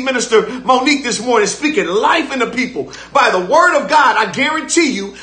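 A man's voice: extremely high pitch, expressive, fairly quick, bright, forceful tone, echoey room. An older man preaching a live-streamed sermon as pastor, fervent and repetitive, calling on listeners to respond.

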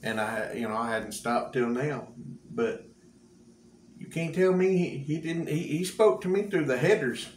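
A man's voice: fairly high pitch, a little slow, a little mellow. A man, a cowboy church preacher telling a folksy testimony with frequent laughs. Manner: folksy storyteller, laughs often. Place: church room. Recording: echoey room with faint hum.

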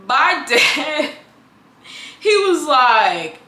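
Chatty, bright-voiced young woman vlogger. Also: a little high, moderate pace, echoey room. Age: 20s. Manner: chatty, animated, acts out family members' lines. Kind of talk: casual storytelling vlog.

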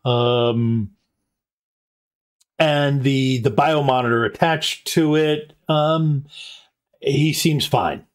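A man with a mid-range voice leads a tabletop game live at a convention, narrating as game master. He hesitates often, restarting sentences and saying um a lot.

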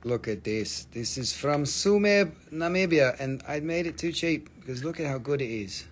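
A man's voice: a little high, animated, normal speed, husky. A man hosting a live stream that sells minerals, talking casually with lots of swearing, ranting and then joking.

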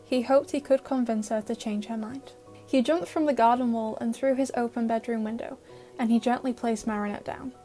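A woman narrating an audio fan-fiction story with steady, emotive storytelling. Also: on the high side, fairly quick, faint music behind.

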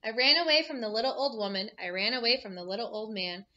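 A woman's voice: on the high side, fast talker, sharp tone, lo-fi sound. A woman voicing a cheeky, boastful gingerbread cookie boy who chants taunting rhymes. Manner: taunting sing-song chant.

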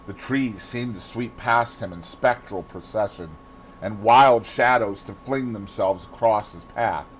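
A man with a Boston accent reading a classic novel aloud in expressive scripted narration. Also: on the low side, measured pace, slight background noise, poor audio. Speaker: audiobook reader.

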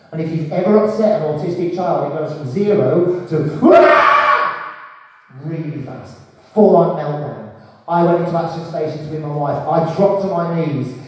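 Man in his forties, stand-up comic, high voice, echoey hall, heard from far off. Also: mellow. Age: 40s. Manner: storytelling with acted-out voices. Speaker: stand-up comedian. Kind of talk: stand-up comedy set. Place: comedy club stage.

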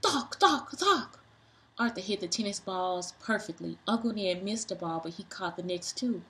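A woman reading a children's book aloud, doing sound effects and stopping for excited asides to young listeners. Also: on the low side, moderate pace, poor audio.

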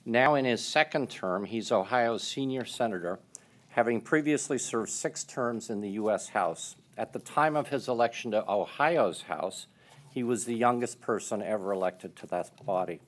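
A man with a fairly low voice opens a public event as moderator. He reads a formal, measured introduction of the guest, polite and orderly. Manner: measured, polite, reading prepared remarks.

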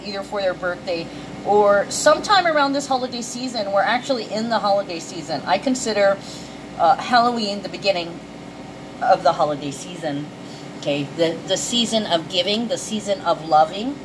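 Woman, casual tarot reader, emotional, chatty, salty language; mid-pitched voice. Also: moderate pace, noisy background. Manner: chatty and emotional, swearing freely. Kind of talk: casual intuitive card reading.

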